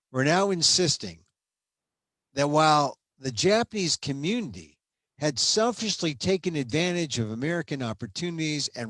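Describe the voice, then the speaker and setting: A man reading aloud from a history book, measured and steady, stopping now and then for casual asides and small restarts. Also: a little high, no room sound.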